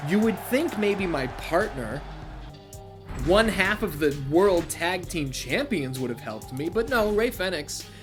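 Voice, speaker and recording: Excitable swearing guy doing let's-play commentary, voice all over the place, game music behind. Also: high-pitched, measured pace. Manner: excitable and profane, shouts at big moves. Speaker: gaming youtuber.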